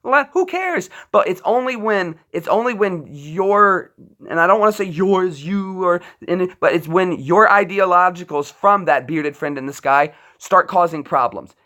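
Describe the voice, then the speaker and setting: A man's voice: sits high, lively intonation, unhurried, bright, forceful tone. Tense, fired-up male livestream ranter. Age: adult military veteran. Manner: impassioned, profane, rambling with restarts. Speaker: livestream host. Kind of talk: ranting livestream monologue.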